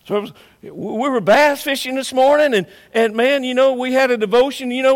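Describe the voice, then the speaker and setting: A man preaching a sermon as pastor in a church, emphatic, swinging between loud declarations and hushed asides. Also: very high-pitched, moderate pace. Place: church sanctuary.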